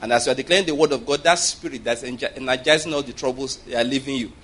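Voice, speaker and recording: Male pastor, husky tone, lively sermon delivery with frequent call-and-response checks. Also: medium pitch, rapid-fire. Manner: animated preaching with call-and-response checks and acted-out voices.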